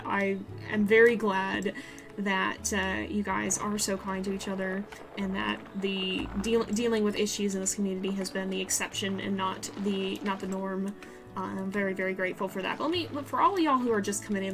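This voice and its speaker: A woman streams a zoo-building game and talks in a Southern US accent, rambling on to her chat with frequent laughs and restarts. Her voice sits at an everyday middle pitch. Soft music plays faintly behind her.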